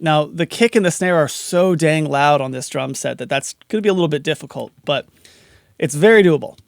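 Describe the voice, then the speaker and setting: Brisk and gravelly, with a fairly high pitch, the man explains audio compression step by step in a casual screen-recorded tutorial as a mixing instructor. It's clean studio sound without echo.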